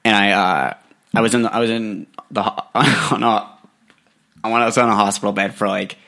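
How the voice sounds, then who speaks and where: A man's voice: fairly low pitch, fairly quick, vocal fry. A young man co-hosting a casual podcast chat, delivering absurd tall tales with a straight face. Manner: deadpan, tells absurd made-up stories straight-faced.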